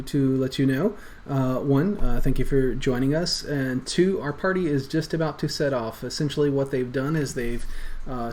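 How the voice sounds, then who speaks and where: A man narrating as game master in a loose, conversational way, often pausing with "uh" and "you know". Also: medium pitch, darkish tone.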